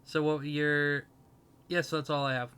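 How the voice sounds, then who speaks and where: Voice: mid-range voice, little pitch movement, moderate pace, fairly bright tone, clear, resonant tone. A podcast co-host in casual chat who laughs often and rambles through stories.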